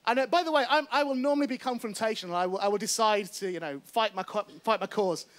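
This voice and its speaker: A man's voice: high voice, quick pace. A male comedian telling a stand-up story before a live studio audience, acting out the voices of the people in it. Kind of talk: stand-up anecdote. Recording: TV studio with loud audience laughter.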